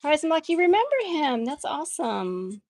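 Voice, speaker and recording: A woman's voice: high-pitched, sing-song, fairly quick, darkish tone, dry recording, clean studio sound. A woman chatting casually with viewers while she draws on a livestream, laughing often as she reads out their comments. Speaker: art livestream host.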